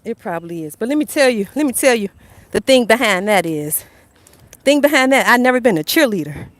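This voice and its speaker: Woman, fifties, Southern US accent, slightly high voice, chatty motivational livestream, phone mic outdoors. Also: animated, brisk. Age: 50s. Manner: chatty, repeats herself, addresses viewers directly. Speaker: channel host. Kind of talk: casual motivational livestream talk. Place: outdoors on a narrow sidewalk by a road. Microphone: phone propped up. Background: faint passing traffic.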